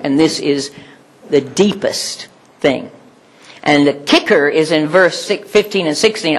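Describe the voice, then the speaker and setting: Husky older woman preaching a sermon. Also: sits low, takes it slowly. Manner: animated, laughing often, rhetorical questions. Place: church hall with congregation.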